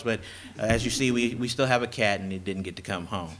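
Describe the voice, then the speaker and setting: A man giving a joking, halting introduction of his wife at a campus event. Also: medium pitch, steady tone, sharp tone, a little hiss or hum. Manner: joking, halting delivery with many fillers. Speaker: presenter's husband introducing her. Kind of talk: introduction speech at a public event.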